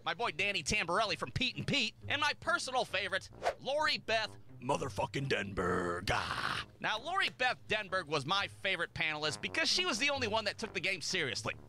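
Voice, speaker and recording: A man co-hosting a reaction video, telling things in an animated, profane way. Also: high voice, a little fast, noisy background. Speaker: co-host reacting to clips. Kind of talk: casual reaction commentary.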